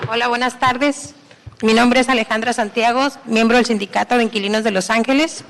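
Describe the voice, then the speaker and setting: A woman from a tenants' union giving earnest public comment, pausing for her interpreter. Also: a little high, steady tone, fairly bright tone, a little hiss or hum. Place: city council chamber. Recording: long echo in a council chamber.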